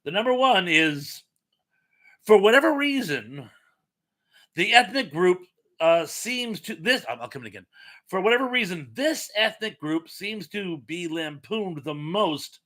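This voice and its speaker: A man hosts a relaxed live-stream chat, quizzing viewers on trivia between lively stories. His voice is bright and forceful, and he pokes fun at himself as he talks. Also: high voice, unhurried. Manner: animated, chatty storyteller with self-mocking asides.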